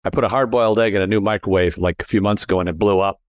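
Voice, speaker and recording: A man hosting a casual conversation, telling personal stories with animated quoted dialogue. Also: racing, no room sound. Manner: animated storyteller, rises in pitch acting out quotes.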